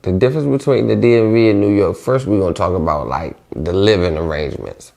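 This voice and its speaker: Low gravelly-voiced young D.C.-man. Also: lively intonation, brisk, few pauses, darkish tone. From Washington D.C. area. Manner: loose, rambling, heavy on slang. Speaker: vlogger. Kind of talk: casual monologue.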